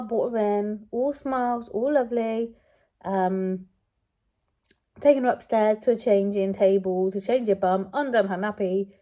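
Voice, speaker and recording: A woman's voice: mid-range voice, warm tone. A woman and mother talking to camera in a casual vlog, candid and confiding as she chats through her week. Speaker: vlogger and mother.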